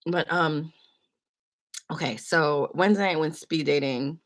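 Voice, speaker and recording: Chatty woman with a lowish voice. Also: unhurried. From San Francisco. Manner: chatty, rambling, many fillers. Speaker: livestreamer. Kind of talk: casual storytelling chat.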